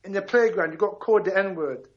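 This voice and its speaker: A man in his fifties from Ghana phones into a talk show, making his points with emphatic passion and a fairly high voice. He keeps checking in with his listener as he talks. The sound is muffled and narrow, as if coming over a telephone line. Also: a little fast, crowd noise. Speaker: caller. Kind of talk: call-in radio talk.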